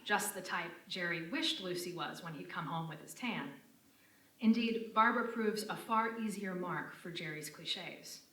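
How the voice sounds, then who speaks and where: Lower-voiced woman reading a lecture, roomy. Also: pushed and bright. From United States (Connecticut). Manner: measured, formal delivery of written prose. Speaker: lecturer presenting a paper. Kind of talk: reading a prepared academic lecture. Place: university lecture room. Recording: roomy and distant lecture-room sound.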